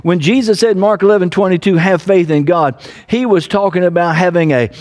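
High-voiced man preaching a sermon. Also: a little fast, a little mellow. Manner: earnest preaching with fillers and repeated phrases. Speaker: pastor. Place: home.

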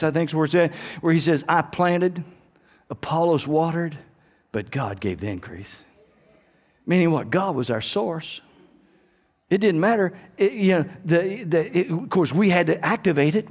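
High-voiced older pastor preaching. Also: male voice, a little mellow. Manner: repetitive restarts, call-and-response amens. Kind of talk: sermon with personal story.

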